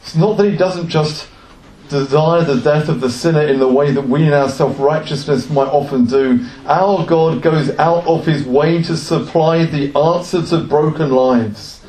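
A man's voice: fairly high pitch, measured pace, a little mellow. A male preacher giving an earnest sermon, asking the congregation rhetorical questions. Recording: echoey room.

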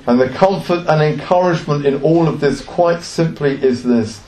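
A man's voice: on the high side, moderate pace, mellow. A male preacher giving an earnest sermon, asking the congregation rhetorical questions. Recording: echoey room.

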